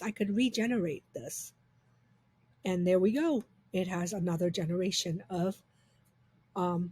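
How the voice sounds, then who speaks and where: Woman, breathy voice, upbeat chatty software walkthrough. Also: on the low side. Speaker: software reviewer. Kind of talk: casual screen-recorded software demo.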